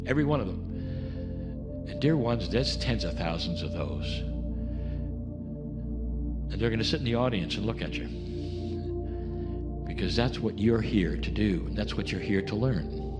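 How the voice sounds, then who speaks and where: A man talking a group through a slow guided meditation as a spiritual channeler, speaking straight to his listeners. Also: lowish voice, big-room sound.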